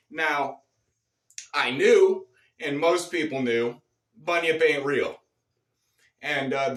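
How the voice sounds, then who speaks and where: A man telling a rambling, profane and boastful absurd story in a deadpan comic monologue. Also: high voice, reverberant, recorded from a distance. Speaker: comedic storyteller.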